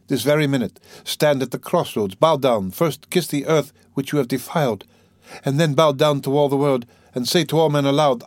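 A man's voice: mid-range voice, no room sound, close to an everyday voice. A man reading aloud, voicing a devout young woman who pleads with tearful urgency. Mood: fervent. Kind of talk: audiobook reading.

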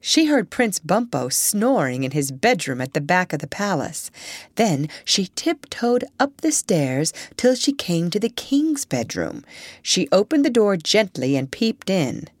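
A woman reading a children's story aloud in an expressive way. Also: on the low side, unhurried, dry recording.

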